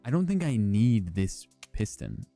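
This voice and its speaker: A young man streams a game, chatting loosely with his viewers. His voice sits low and warm, and his talk is joking and profane. Faint music plays behind him. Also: sing-song, measured pace, gravelly. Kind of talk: casual gameplay commentary.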